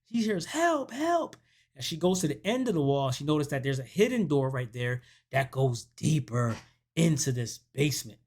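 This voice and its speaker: This is a man with a medium-pitched, creaky voice speaking at normal speed. He hosts a movie review channel and offers a laid-back horror film recap, animatedly acting out the lines the characters speak.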